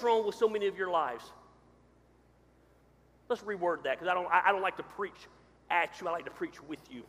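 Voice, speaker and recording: A man preaching a sermon as pastor, swinging from loud to quiet. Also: high-pitched, a little fast, pauses often. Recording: hall reverb.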